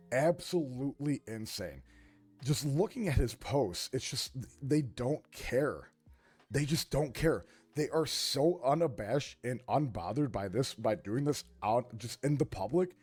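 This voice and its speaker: A man's voice: medium pitch, expressive, unhurried, darkish tone, breathy edge, soft background music. A man co-hosting a reaction stream, speaking in emphatic, indignant commentary as if lecturing.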